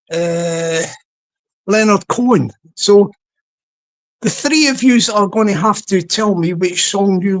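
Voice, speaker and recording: A live-stream host, chatting casually to a small online audience in a rambling way, often restarting sentences. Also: mid-range voice.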